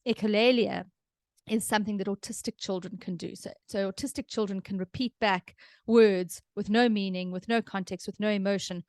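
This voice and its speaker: A woman's voice: medium pitch, fairly even intonation, brisk, darkish tone, no room sound. A middle-aged woman with a South African accent, hosting a podcast and giving chatty, explanatory parenting advice. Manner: chatty, explanatory, laughs easily. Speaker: podcast host, parenting expert. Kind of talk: casual advice chat.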